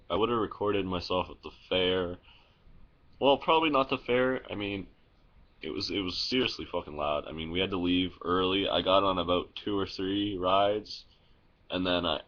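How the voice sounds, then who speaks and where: A man's voice: low voice, muffled recording. A young man vlogging in a casual, rambling way, telling stories full of fillers, restarts and swearing, recorded on a phone. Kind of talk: casual vlog storytelling.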